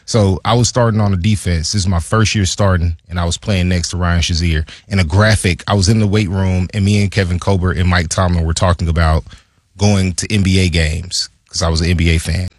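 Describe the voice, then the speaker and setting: A husky man chats about football as a co-host. His voice sits low and a little hoarse, and the sound is dry and close. He tells his stories with animated energy. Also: fairly quick, no room sound. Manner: animated storyteller, acts out quotes in a higher voice. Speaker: former player, co-host. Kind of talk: casual sports chat, storytelling.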